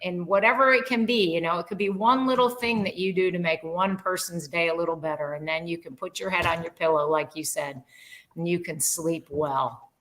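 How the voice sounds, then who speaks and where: A woman's voice: fairly low pitch, brisk, fairly bright tone, poor audio. Older woman, earnest rambling storyteller. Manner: earnest, rambling with many fillers. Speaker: guest. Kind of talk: casual conversational storytelling.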